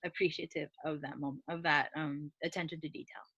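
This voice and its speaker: A woman co-hosting a podcast, chatting casually and lively, often checking in with "right?". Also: sits low, fairly quick, breathy edge, muffled recording. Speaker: podcast co-host. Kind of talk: casual chat.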